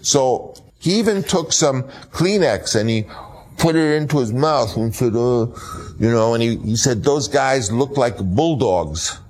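An older man, a film director, tells an anecdote in an interview and acts out the voices he quotes in an animated way. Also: medium pitch, a little slow.

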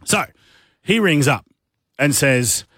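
An Australian man with a deep voice, co-hosting a radio show and telling a yarn in casual banter, slipping into gruff tradie voices. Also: expressive, slow pace, fairly bright tone, no echo, studio quality. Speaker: radio co-host.

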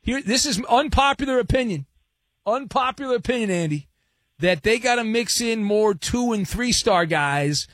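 A man's voice: very high voice, lively intonation, moderate pace, a bit bright, no room sound, clean studio sound. A man hosting a sports talk radio show, chatty and joking with a sarcastic edge. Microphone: studio mic.

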